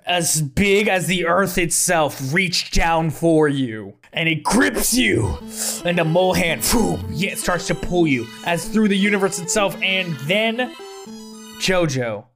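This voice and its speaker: A man's voice: sits high, animated, takes it slowly, creaky, a bit bright, soft background music. A man narrating a tabletop game as game master, in a loose, playful way.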